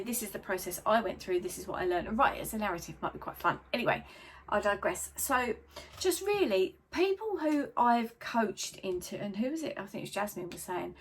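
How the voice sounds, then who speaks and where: A middle-aged woman, talking in a casual, chatty motivational vlog, rambling and digressing and putting on lively voices when she quotes people. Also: medium pitch, husky. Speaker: vlogger and life coach.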